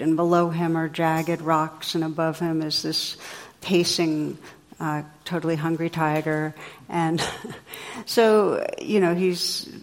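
A woman meditation teacher giving a dharma talk to a class, gentle and reflective, guiding listeners in quiet reflection. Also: lowish voice, big-room sound.

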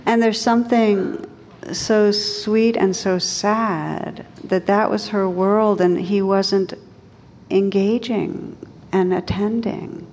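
A woman meditation teacher giving a dharma talk in a slow, gentle, reflective manner. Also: medium pitch, fairly even intonation, in a large hall, a little hiss or hum.

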